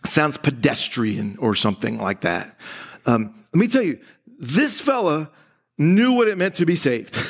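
A man preaching at a church service, talking slowly and casually. His voice sits a bit high and has a gravelly edge. He often stumbles over his opening words and starts his sentences again. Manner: conversational, laughing often, acting out quoted voices; frequent restarts and stammered starts. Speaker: pastor. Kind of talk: sermon.

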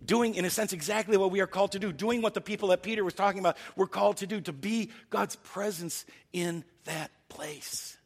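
A man's voice: high voice, brisk, hardly any pauses, husky, in a large hall. A man preaching a sermon as pastor, earnest and thinking aloud, often restarting his sentences.

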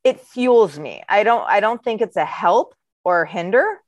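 A woman's voice: medium pitch, expressive, a little slow, no echo. A woman co-hosts a podcast and talks openly about her own life, rambling and poking fun at herself. The recording is close and dry, with no room sound. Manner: candid, rambling, self-deprecating. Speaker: podcast co-host. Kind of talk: casual chat.

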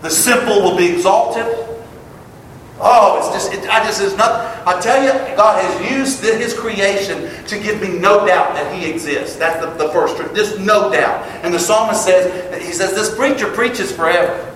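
Guy preaching, high voice, big hall echo, faint room noise behind. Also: moderate pace, far from the mic. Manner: emphatic, rising to loud exclamations. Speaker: pastor. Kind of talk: sermon. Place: church sanctuary. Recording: echoey hall, picked up from afar.

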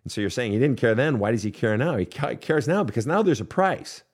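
A man's voice: medium pitch, lively intonation, a little fast, a little mellow. A man hosting a counseling podcast, answering listener questions in a blunt, profane, direct manner. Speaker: counselor and show host.

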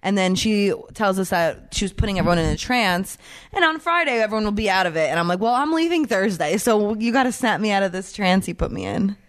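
A woman's voice: mid-range voice, animated, fast. A pregnant woman co-hosting a podcast in casual chat, telling stories in a rambling, giggly way with lots of "like" fillers. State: pregnant, eighteen weeks. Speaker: podcast co-host.

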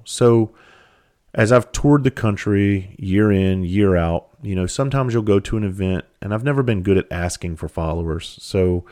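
A man's voice: fairly low pitch, mellow. A man from South Carolina, a comedian and speaker telling a loose, profane story in casual conversational style.

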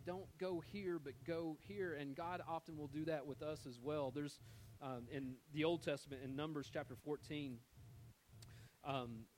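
A man's voice: a little high, low-quality recording. A man preaching a sermon in a conversational way, often repeating words as he searches for the next phrase. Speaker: pastor.

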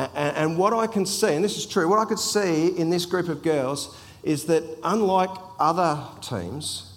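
A middle-aged man from a church ministry team, telling a chatty, anecdotal story as part of a sermon. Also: on the high side. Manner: chatty, anecdotal, repeats words. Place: church hall. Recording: long hall reverb.

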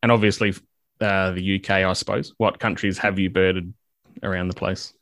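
A man hosting a podcast, asking questions in a relaxed, chatty way. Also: low voice, normal speed, no echo, studio quality. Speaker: podcast host. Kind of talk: casual interview questions.

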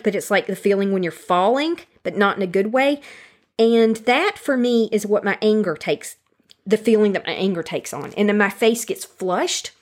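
Earnest woman teaching about emotions. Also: medium pitch. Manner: calm, earnest, speaks directly to the listener; repeats key phrases for emphasis. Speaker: Christian self-help speaker. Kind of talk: teaching monologue on handling anger.

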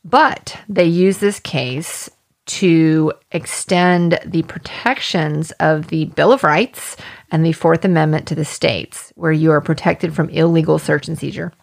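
Gravelly-voiced woman hosting true crime. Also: deep voice, unhurried. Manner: conversational, explains legal points plainly. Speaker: podcast host. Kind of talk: true-crime podcast narration.

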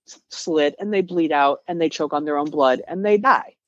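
A woman's voice: low-pitched, normal speed, dry recording. Impassioned woman with a dull lo-fi sound. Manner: impassioned, blunt arguing. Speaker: guest, vegan advocate. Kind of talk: casual podcast conversation.

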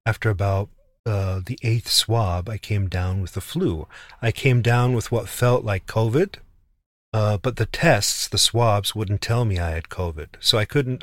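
A man's voice: fairly low pitch, fairly bright tone, no room sound, clean studio sound. A man telling a travel story in casual chat, indignant, often repeating and restarting words.

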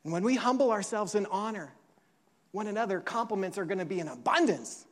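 A man preaching a sermon, telling stories with lively acted-out quotes and quiet, slow emotional passages. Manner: animated storytelling, acts out quotes with big pitch jumps; drops soft and slow for emotional moments. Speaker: pastor.

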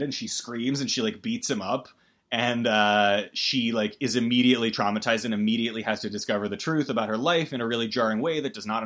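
A man's voice: medium pitch, fairly bright tone. A man giving a casual, rambling movie recap as a podcast host, full of fillers and wry emotion.

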